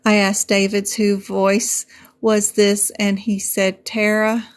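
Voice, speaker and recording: A woman's voice: medium pitch, completely flat delivery, takes it slowly. A middle-aged woman with a Southern US accent, a medical coding instructor explaining things patiently and repeating her points in a casual livestream. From Southern United States. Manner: patient, repetitive explaining, folksy asides. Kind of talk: livestream teaching and chat.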